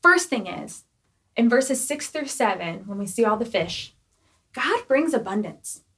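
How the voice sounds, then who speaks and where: A young woman preaching a casual youth sermon, chatty and animated, full of "like" and "right?" asides. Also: a little high, measured pace. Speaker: youth pastor.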